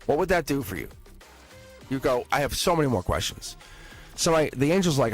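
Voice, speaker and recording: A man giving a live-stream tarot reading, excitable and blunt, swearing and laughing as he talks to viewers. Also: medium pitch, normal speed, long pauses, soft background music. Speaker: tarot reader.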